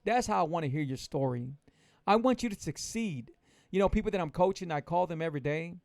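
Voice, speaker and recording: A man's voice: on the high side, lively intonation, brisk, gravelly, no room sound. A man coaching his viewers on a keto lifestyle in a casual livestream pep talk, motivational and repetitive.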